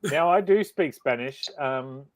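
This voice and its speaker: Dry-humored man, mid-pitched voice. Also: a little slow, no room sound. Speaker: podcast co-host. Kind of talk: casual chat.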